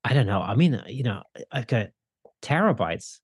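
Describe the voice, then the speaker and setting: A man's voice: mid-range voice, very animated, normal speed, husky, dry recording, studio quality. A man in his forties in a casual podcast conversation, talking in a reflective, rambling way with many fillers.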